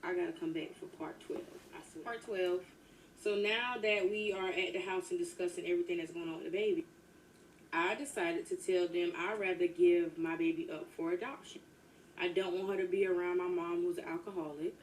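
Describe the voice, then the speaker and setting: A woman's voice: fairly low pitch, fairly even intonation, fairly quick. A woman narrates a personal story in a chatty, casual storytime way, talking straight to her listeners. She sounds a little far from the mic, with a faint hiss behind her. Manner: chatty, addresses listeners as y'all. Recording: distant mic with faint noise.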